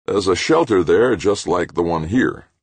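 A man's voice: low voice, expressive, unhurried, darkish tone, husky, no room sound, pitched above the performer's own voice, full character voice. A man doing a curt, ruthless male astronaut.

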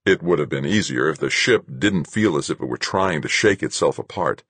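A man with an extremely deep voice narrates a novel in a steady, measured way. His tone has a husky, grainy edge. The recording is close and completely dry, with no room echo. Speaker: audiobook narrator. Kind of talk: first-person novel narration.

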